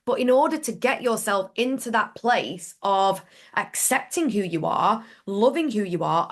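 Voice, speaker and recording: A woman talks through a relaxed podcast conversation at a middling pitch. She is animated and candid, slips into little acted-out inner thoughts, and swears casually. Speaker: podcast co-host. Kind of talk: casual spiritual business chat.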